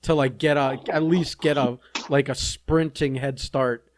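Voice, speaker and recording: Teasing podcast guy, halting speech. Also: mid-range voice, steady tone, a little hiss or hum. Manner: teasing, halting with many fillers. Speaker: podcast co-host. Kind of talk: casual chat. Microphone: podcast mic.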